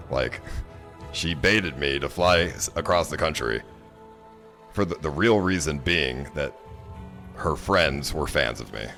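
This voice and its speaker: Very low-voiced exasperated male streamer. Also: slow, pauses often, sharp tone, faint music behind. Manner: exasperated, rambling, full of fillers and restarts. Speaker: livestreamer. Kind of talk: casual storytelling to chat.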